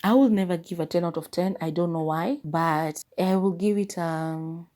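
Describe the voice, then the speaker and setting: A woman's voice: on the low side, moderate pace, mellow. A woman hosting a podcast, giving a chatty, rambling movie review and often correcting herself. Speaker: podcast host. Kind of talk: casual movie review monologue.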